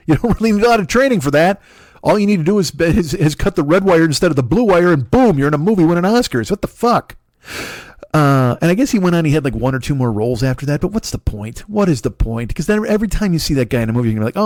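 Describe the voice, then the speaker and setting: Fast profane rambling comedian, man. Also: a little high, no room sound, clean studio sound. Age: 40s. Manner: profane, animated, rambling with restarts. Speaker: comedian podcast host. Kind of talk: rambling comic monologue.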